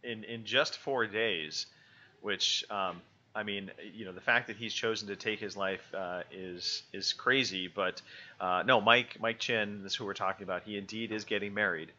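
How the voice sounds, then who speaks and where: A man's voice: fairly low pitch, steady tone, normal speed, bright, forceful tone, muffled recording. A man co-hosting a podcast in a loose, joking chat full of fillers. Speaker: podcast co-host.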